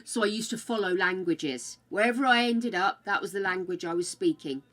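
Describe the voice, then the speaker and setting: On her game stream, an older British woman chats easily with viewers, addressing them as darling and dearie. Her accent, from the UK, wanders among various regional ones. Her voice is medium-pitched and a bit bright, at a moderate pace.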